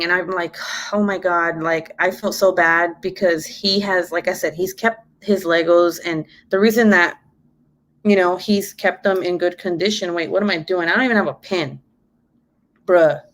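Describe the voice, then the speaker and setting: Animated swearing mom telling a story. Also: female voice, mid-range voice. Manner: animated, swears freely, acts out quotes. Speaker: mom vlogger. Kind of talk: casual storytelling chat.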